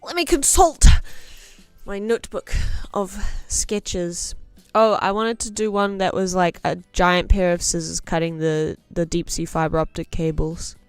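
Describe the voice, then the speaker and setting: A woman's voice: on the low side, flat delivery, a little slow, hardly any pauses, smooth, no echo, faint music behind. Chatty New woman streaming as she draws. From New Zealand. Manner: chatty and self-mocking, muttering to herself while working. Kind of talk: casual live-stream chat while drawing.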